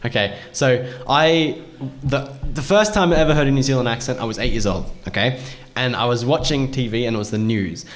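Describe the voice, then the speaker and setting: A man's voice: medium pitch, fairly quick, few pauses. Rambling young male panel host. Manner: rambling, self-interrupting storyteller who laughs often. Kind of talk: casual convention panel chat.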